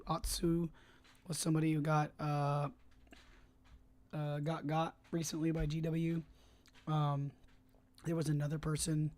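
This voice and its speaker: Flat-voiced streamer chatting while editing. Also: medium pitch. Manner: rambling, hesitant, many fillers and restarts. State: talking around a cough drop. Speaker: livestreamer and fan filmmaker. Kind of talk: casual livestream chat while editing. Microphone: desk microphone, tested on stream.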